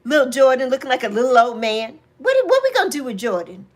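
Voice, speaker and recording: A woman's voice: high voice, big pitch swings, fast talker. A woman in her sixties from New York, chatting casually and teasing viewers by name on her livestream, laughing often. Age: 60s. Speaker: livestream host.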